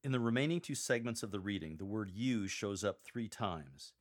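A man's voice: fairly low pitch, lively intonation, normal speed. Wry man coaching scripture readers. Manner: wry asides, emphatic instructions. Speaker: lector coach. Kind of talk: teaching scripture reading.

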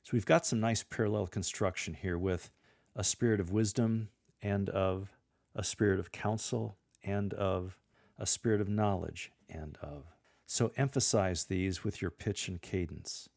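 A man's voice: deep voice, a little slow, gravelly, a little mellow, no room sound, clean studio sound. A man coaching readers on how to proclaim scripture, demonstrating the passages himself. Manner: coaching, demonstrating readings with shifting tone. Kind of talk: instructional podcast on reading aloud.

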